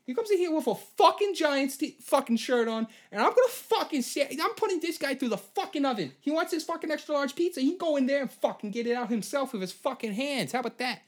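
A man voicing a hot-tempered male pizzeria owner, shouting a profane, hostile rant. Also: very high voice, expressive, quick pace, few pauses, pitched above the performer's own voice.

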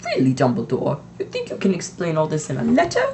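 A stern old witch professor, sharp and fussy, pitched a little higher and louder than the reader's own talk, as a teen reader puts her on. the recording carries a faint hiss, like a home reading. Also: huge pitch swings, fast talker. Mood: indignant. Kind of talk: amateur audiobook reading.

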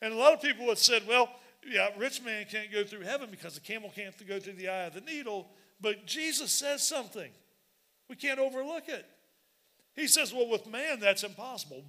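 A man preaching a sermon as pastor, animated and repetitive, building up to shouts. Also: very high voice, normal speed.

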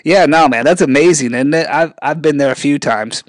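A man's voice: a little high, brisk, no echo, studio quality. A man with a mixed military-brat accent, interviewing a guest, laughing along and steering the talk with follow-up questions. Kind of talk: comedic interview.

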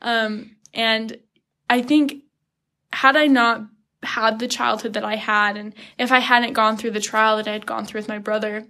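Young woman, slightly high pitch, earnest, animated, casual interview storytelling. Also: measured pace. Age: young adult. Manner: earnest, animated retelling with quoted inner thoughts and laughs. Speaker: guest.

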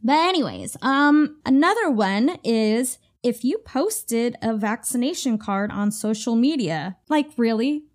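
A woman's voice: on the high side, lively intonation, unhurried, few pauses. A woman hosting a solo podcast, ranting bluntly with heavy swearing in a casual, fired-up way. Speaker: podcast host; retail worker.

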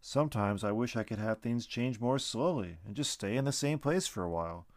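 A man's voice: medium pitch, animated, fairly quick, no room sound, clean studio sound, lightly acted. A man voicing a curious, impatient young man in a storybook reading, asking question after question. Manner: eager, questioning.

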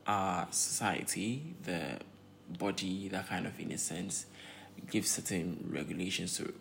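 A young Ghanaian-accented man rants in a casual vlog. His voice sits fairly low, and he circles back on his words with plenty of ums and uhs. A faint hum of room ambience runs underneath. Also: gravelly. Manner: exasperated, repeats himself, many fillers. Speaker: pharmacy graduate vlogger.

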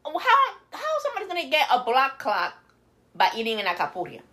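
A woman chats on a podcast, her higher voice rising and falling in lively swings. She jokes crudely and drops Spanish words into her English. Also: fairly quick. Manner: mixes Spanish words into English, laughs often, crude joking. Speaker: podcast co-host. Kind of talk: casual chat.

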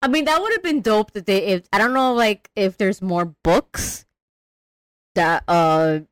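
A young woman co-hosting a casual movie chat, animated and profane, acting out characters as she quotes them. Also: mid-range voice, a little slow, no echo. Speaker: podcast co-host.

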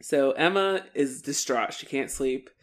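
A woman's voice: very deep voice, expressive, unhurried. A woman co-hosting a podcast, retelling an episode in casual chat and acting out the characters' lines with laughs. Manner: chatty storytelling, acts out characters' lines, laughs. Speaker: podcast co-host. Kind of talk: casual episode recap narration.

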